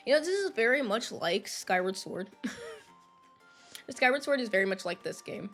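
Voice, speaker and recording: A woman's voice: fairly high pitch, expressive, normal speed, long pauses, a bit bright. A woman is live-streaming a game and chatting easily with her viewers, laughing often between lines. Her voice is still recovering after she lost it. Faint game music plays under her talk. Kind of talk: casual live-stream chat.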